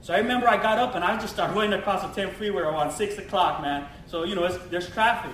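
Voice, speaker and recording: A middle-aged man, a pastor from Los Angeles telling his testimony in an animated way, full of slang and acted-out quotes. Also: sits high, quick pace, slight background noise. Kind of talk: testimony sermon. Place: church. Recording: echoey church hall from far off.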